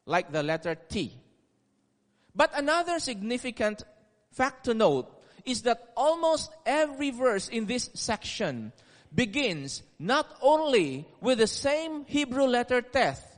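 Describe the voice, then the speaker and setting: A man preaching a sermon in a deliberate, emphatic way, repeating key words for stress. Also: very high voice. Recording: long reverb of a large hall.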